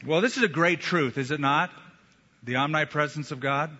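A man preaching a sermon as a pastor, emphatic, with slow deliberate pauses. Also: fairly high pitch, sharp tone. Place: church sanctuary. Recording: echoey hall, dull lo-fi sound.

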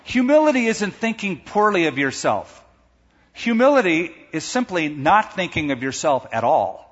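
Male preacher, animated sermon, husky voice, long hall reverb, dull lo-fi sound. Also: high voice, normal speed. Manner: animated, acts out quoted voices.

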